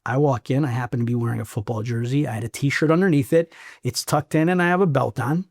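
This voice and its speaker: A middle-aged man from Chicago, a former Marine sergeant, telling a story in a blunt, animated way. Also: medium pitch, fast talker. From South Side of Chicago, US. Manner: animated, blunt, acts out quoted voices. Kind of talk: casual storytelling interview.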